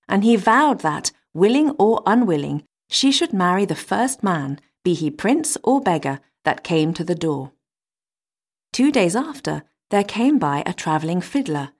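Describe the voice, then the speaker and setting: A woman reading a fairy tale aloud in a measured, expressive manner. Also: lowish voice. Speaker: storyteller.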